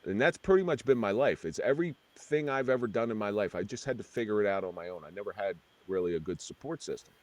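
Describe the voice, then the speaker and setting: A middle-aged man, a former police officer, telling his story in an interview in an earnest, halting way with many restarts. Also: lowish voice, expressive.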